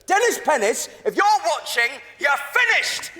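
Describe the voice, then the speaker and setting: A man's voice: high voice, expressive, moderate pace, a bit bright, in a large hall, soft background music. Man playing a pompous, self-important TV host. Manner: pompous, theatrical.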